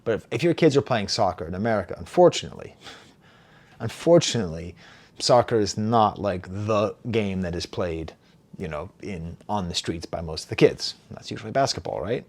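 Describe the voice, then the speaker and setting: Animated male album reviewer. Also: fairly low pitch, normal speed. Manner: animated, laughs at himself, reads lyrics aloud. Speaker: music reviewer.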